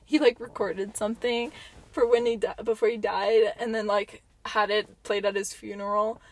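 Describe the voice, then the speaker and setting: A woman's voice: medium pitch, little pitch movement, moderate pace, no room sound, poor audio. A young woman co-hosting a podcast, giggly and interjecting in casual chat. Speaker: podcast co-host.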